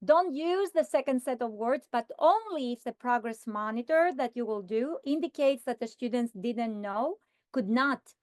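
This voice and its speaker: High-voiced woman modeling phonics. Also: lively intonation, dry recording, clean studio sound. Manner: slow, deliberate sounding-out of words. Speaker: teacher trainer. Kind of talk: modeling a phonics lesson for teachers.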